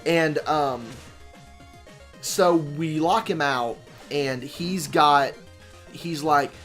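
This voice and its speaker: A young man hosting a gameplay video, telling a long story with lots of cussing, fillers and restarts. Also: faint music behind. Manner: rambling, profane, halting with fillers and restarts; mimics friends in shrill shouts. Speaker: let's play host. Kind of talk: casual storytelling while gaming.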